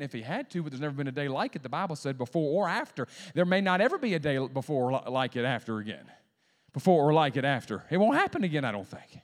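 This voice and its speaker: A man pastor preaching a sermon to a congregation, with call-and-response lines and sudden swings between hushed talk and loud emphasis. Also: fairly high pitch, sing-song, fast. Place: church sanctuary. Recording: long hall reverb.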